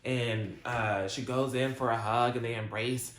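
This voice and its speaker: Guy recapping a tv episode, chatty and slangy, says like a lot, middle pitch, echoey room. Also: steady tone, normal speed, fairly bright tone. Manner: chatty retelling, heavy use of "like" and slang. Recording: roomy echo.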